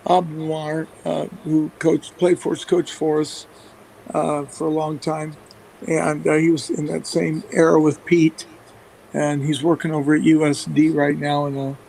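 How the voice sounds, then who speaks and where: A man's voice: on the high side, creaky, warm tone, slight background noise, poor audio. A man who coaches football, telling rambling stories in a radio interview, full of fillers and restarts, chuckling as he goes. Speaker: football coach and play caller. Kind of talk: casual anecdotes in a radio interview.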